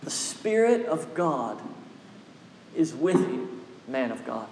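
Guy preaching a sermon, fairly high voice, lots of hall echo, keeps repeating himself to drive it home. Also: sing-song, takes it slowly, darkish tone, slight background noise. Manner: exhorting, repetitive preaching cadence. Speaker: pastor.

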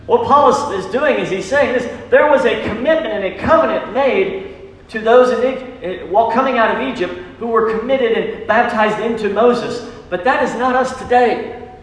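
A man preaching to his church with a high, ringing voice. He leans on emphatic lines and throws questions out to the congregation for them to answer. The sound carries a long, booming reverb from the sanctuary around him. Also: moderate pace. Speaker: pastor. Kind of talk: sermon. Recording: echoey church hall.

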